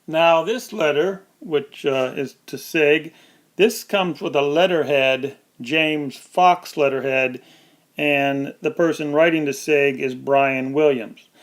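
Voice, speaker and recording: A man presenting historic documents in a dramatic, emphatic storytelling style with drawn-out pauses. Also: fairly high pitch. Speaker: archive presenter.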